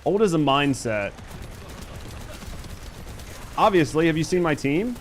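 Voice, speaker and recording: A man's voice: a little high, very animated, measured pace, a little hiss or hum. A man in his thirties streaming a game, joking and swearing as he chats with viewers. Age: 30s. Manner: profane, joking, reads chat aloud while playing. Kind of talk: casual gaming stream chat.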